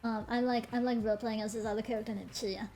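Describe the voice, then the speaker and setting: A young adult woman streamer, chatting casually and telling a story in an animated way, swearing freely and laughing between lines. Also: a little high, fast talker.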